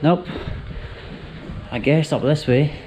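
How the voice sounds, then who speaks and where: A chatty Scottish travel vlogger narrates himself as he walks, in casual vlog fashion. His voice is a little high and dark in tone, his pace slow, and the poor audio carries a little hiss or hum.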